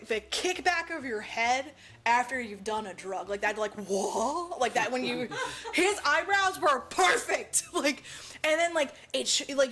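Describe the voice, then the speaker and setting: A woman co-hosting a podcast, recapping a movie in casual, profane chat and acting out the characters' lines. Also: sits high. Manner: animated, profane, acts out quotes. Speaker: podcast co-host.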